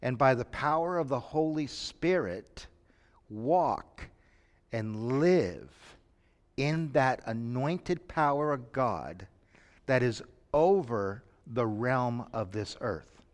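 A man's voice: medium pitch, expressive, slow pace. Man preaching a sermon in a reverberant hall. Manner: dramatic, shifts from quiet to shouting.

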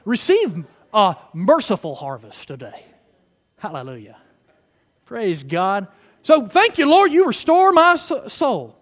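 A man's voice: sits high, wildly swooping pitch, measured pace. A man preaching a fervent sermon, peppering his words with hallelujahs and praise God. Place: church sanctuary. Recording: reverberant hall.

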